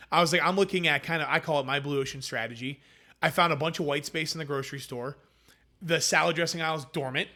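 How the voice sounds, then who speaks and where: A man with a somewhat high, bright, forceful voice tells the story of his food business in a relaxed interview. He talks in an animated way and acts out what people said to him. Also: quick pace. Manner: animated, acts out quoted dialogue. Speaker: food company founder.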